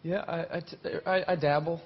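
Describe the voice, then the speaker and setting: A man's voice: a little high, fairly even intonation, fairly quick. A man guesting on a talk show as a rock musician, hesitant, with short answers and many restarts. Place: TV studio with live audience. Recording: dull TV sound, faint hiss.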